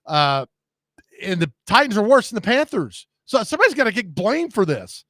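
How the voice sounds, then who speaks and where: A man's voice: high voice, very animated, normal speed, pushed and bright, no room sound, studio quality. A man hosting a radio show, telling rambling, jokey stories in casual chat.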